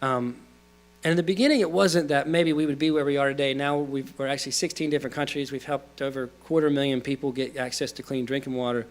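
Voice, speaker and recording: A man's voice: mid-range voice, steady tone, fast talker. A man, giving a guest talk in a lecture hall, earnest and conversational with fillers and restarts. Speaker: guest speaker. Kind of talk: storytelling talk.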